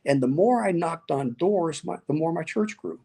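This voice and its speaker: A man's voice: on the high side, lively intonation, normal speed, warm tone. A middle-aged man, a pastor, telling stories in an interview, acting out quoted voices and laughing often. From Nevada. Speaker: guest, pastor and speaker. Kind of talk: animated storytelling interview.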